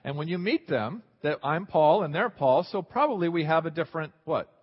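Male pastor, high voice, animated sermon, dull sound in a long-echo church hall. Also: fairly quick, husky. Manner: animated, swings between quiet asides and loud exclaims.

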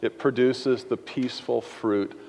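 A man's voice: medium pitch, steady tone, measured pace, creaky, darkish tone, big-room sound. A middle-aged man preaching a sermon as pastor, folksy and chuckling at his own quips. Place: church sanctuary.

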